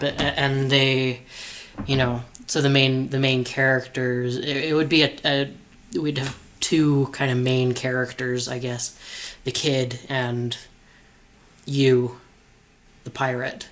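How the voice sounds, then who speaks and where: A man's voice: mid-range voice, flat delivery, slow pace, a bit bright, slight background noise, rough recording. A man co-hosting a podcast, brainstorming hesitantly with many fillers and restarts. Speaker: podcast co-host. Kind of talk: casual brainstorming chat.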